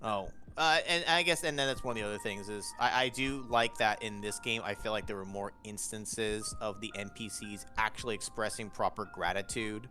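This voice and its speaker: A man's voice: fairly low pitch, normal speed, few pauses, sharp tone, faint music behind. A man chatting casually and animatedly about a video game, swearing now and then.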